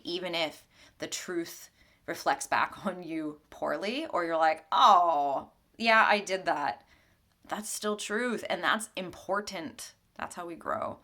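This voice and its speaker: A woman with a fairly low-pitched voice, a spiritual mentor, gives her weekly tarot reading at her home altar. She speaks gently and conversationally, laughing often.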